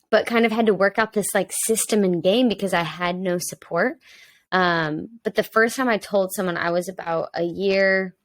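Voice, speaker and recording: This young woman sits close to a dry, deadened mic, and her voice sits on the low side. She talks candidly and personally as a podcast guest. Her sentences loop through plenty of "um"s and "like"s. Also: dry recording. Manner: open and personal, with many fillers like "um" and "like". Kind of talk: candid conversational podcast talk.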